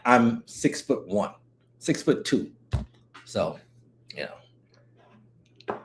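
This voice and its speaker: A man chatting casually on a live stream, rambling and joking while greeting viewers as they come in. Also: fairly high pitch. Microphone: streaming setup mic.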